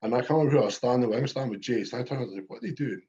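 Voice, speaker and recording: A man's voice: medium pitch, racing, highs cut off. Swearing Scottish man telling stories. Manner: swears freely, animated storytelling. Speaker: podcast co-host. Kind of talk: casual chat.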